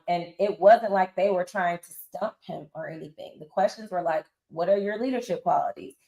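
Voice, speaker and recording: A woman in her forties telling stories in a casual interview, acting out what others said. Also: medium pitch. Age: 40s. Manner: animated storyteller acting out quotes. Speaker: interview guest. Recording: roomy echo.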